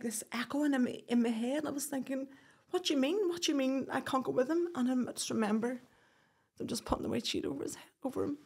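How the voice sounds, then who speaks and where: Woman, husky breathy voice, halting emotional account, podcast guest. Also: a little high. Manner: halting, with restarts and quoted speech.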